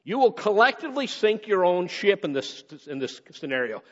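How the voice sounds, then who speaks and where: A male pastor preaching a sermon, swinging between raised emphasis and quick, low asides. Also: sing-song. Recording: dull sound with long hall reverb.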